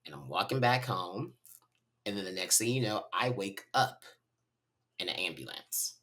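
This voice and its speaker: A man from North Carolina, a podcast guest telling a personal story in a candid, animated way. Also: deep voice, normal speed. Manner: animated, candid, talks to listeners as y'all.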